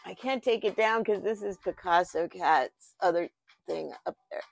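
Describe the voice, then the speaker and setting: Going through items in her unboxing vlog, this channel host thinks aloud and is easily moved. She speaks at a normal speed in a lowish, creaky voice, and the recording is dry.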